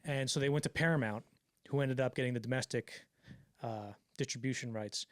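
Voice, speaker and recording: A man telling a story on a casual podcast, swearing freely and acting out the quotes in quick put-on voices. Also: mid-range voice, no echo, clean studio sound. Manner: fast, profane, acts out quotes in voices. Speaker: podcast co-host.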